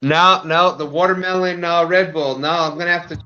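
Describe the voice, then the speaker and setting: A man hosting a late-night live stream, chatting slowly and casually and laughing often. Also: a little high, fairly even intonation, pushed and bright, muffled recording. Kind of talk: casual chat.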